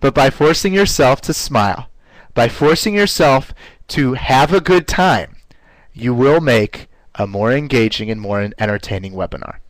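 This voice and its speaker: A man teaching a live online class in an upbeat, conversational way, often pausing with "uh" fillers. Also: no room sound, low-quality recording. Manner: playfully shifts pitch to demonstrate voice technique. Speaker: webinar presenter.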